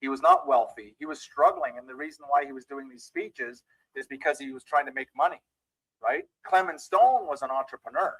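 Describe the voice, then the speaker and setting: A man's voice: fairly high pitch, big pitch swings, fairly quick, vocal fry, fairly bright tone, no room sound, low-quality recording. A man giving a motivational training talk as a mindset trainer, telling a story and speaking directly to his listeners.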